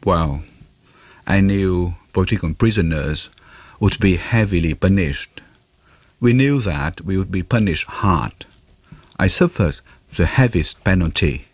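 A man giving a translated voice-over of an interview, in a measured, plain reading. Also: low voice, expressive, breathy edge, no room sound.

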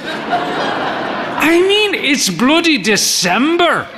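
A man's voice: very animated, a crowd in the background, noisy background, exaggerated voice. A man voicing a proud, frail old woman with an airy, long-suffering, theatrical manner. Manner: airy, long-suffering, drawn-out high tones.

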